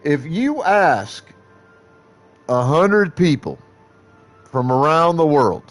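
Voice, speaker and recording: Casting: male streamer with a Southern American accent, unhurried and lively in pitch, blunt and rambling. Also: soft background music. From American Midwest. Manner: blunt, profane, rambling with restarts. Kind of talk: casual live-stream chat.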